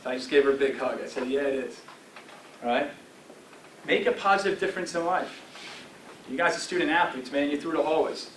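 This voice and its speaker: A man's voice: medium pitch, distant mic, slight background noise. A man in his forties giving a motivational talk to a football team in a coaching tone, checking in often with "all right?". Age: 40s. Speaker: guest speaker addressing a football team. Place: team meeting room. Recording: roomy echo from afar with faint ambience.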